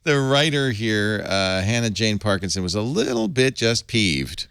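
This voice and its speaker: A man hosting a casual panel chat, telling a story in an animated way with laughs between points. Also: fairly low pitch, measured pace, clear, resonant tone, no room sound. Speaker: host.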